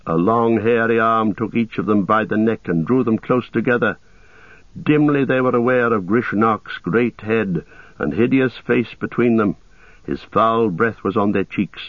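A man narrating a story in a steady, measured reading voice. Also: on the low side, no room sound. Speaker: audiobook narrator. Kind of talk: scripted narration. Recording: tinny phone-like sound, dry.

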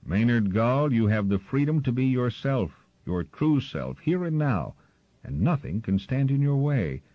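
A man's voice: medium pitch, big pitch swings, a little slow, no room sound, voice pushed up. A man voicing a wise, firm gull teacher. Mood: firm, earnest. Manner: firm, earnest, encouraging. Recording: slightly muffled recording.

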